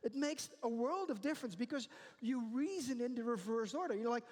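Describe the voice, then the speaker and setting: A man's voice: extremely high pitch, fairly quick. A middle-aged man giving a conference talk, emphatic, often checking in with "right?". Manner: tags sentences with "right?", animated and emphatic. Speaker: conference speaker. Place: large conference hall. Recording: long hall reverb.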